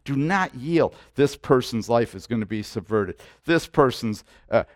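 An older man preaching a sermon in a conversational storytelling way, moving between soft asides and loud preaching. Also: mid-range voice, expressive, unhurried, no room sound, studio quality. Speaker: pastor.

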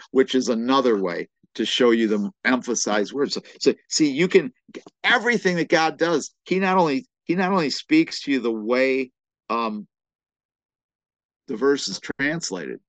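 A man preaching a sermon-style Bible lesson, explaining slowly and emphatically, often stammering and repeating words as he thinks. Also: mid-range voice, no room sound. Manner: explanatory, emphatic on key phrases. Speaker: pastor.

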